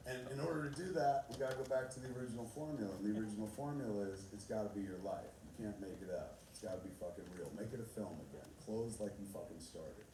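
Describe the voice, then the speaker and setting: A man's voice: on the low side, fast, hardly any pauses. Profane rambling man in an echoey hall. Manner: loose, rambling, swears constantly, laughs often. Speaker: filmmaker speaking on stage. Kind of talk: profane live storytelling to an audience. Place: large theater. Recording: echoey hall from far off with noise.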